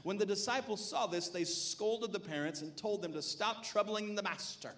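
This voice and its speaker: A man's voice: high voice, moderate pace, fairly bright tone. A male pastor preaching a sermon, emphatic and exhorting his congregation.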